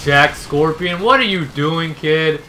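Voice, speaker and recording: A man giving live commentary on his own gameplay, ranting, yelling and sarcastically griping at teammates. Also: a little high, takes it slowly, noisy background. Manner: raging, yelling outbursts at teammates.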